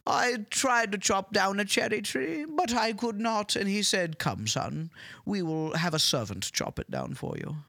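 A man's voice: high-pitched, expressive, unhurried, vocal fry, pushed and bright, no echo, exaggerated voice. A man putting on a pompous snooty Briton. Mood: haughty. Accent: put-on British. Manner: pompous, condescending, dry insults. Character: pompous snooty British man, mocking Americans. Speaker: comedy guest character. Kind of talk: improvised comedy podcast.

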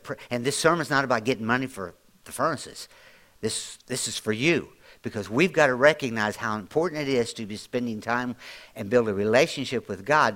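A middle-aged male pastor preaching a sermon in a plain-spoken, folksy way. He swells to loud, raised emphasis and then drops back into quiet asides. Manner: preaching with strong swells of volume and pitch.

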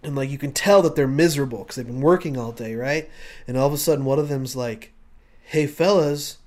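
A man pitching a comic idea, telling it as an animated story and acting out scenes. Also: quick pace. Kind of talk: comic pitch, casual banter.

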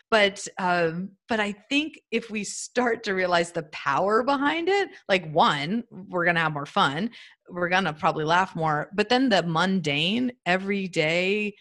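A woman in her fifties talking earnestly in a casual podcast interview over a remote call, in short halting phrases. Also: medium pitch, a bit bright. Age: 50s. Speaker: guest. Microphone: remote audio call.

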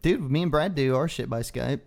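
A man's voice: mid-range voice, moderate pace, gravelly. A man co-hosting a podcast who tells crude stories and swears constantly in casual banter. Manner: profane, swears constantly while storytelling. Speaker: podcast co-host.

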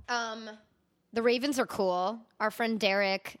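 A woman's voice: fairly high pitch, steady tone, slow, a bit bright. A woman co-hosting a casual podcast, chatting in a rambling way. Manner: chatty, rambling with fillers and laughs. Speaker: podcast co-host. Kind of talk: casual chat.

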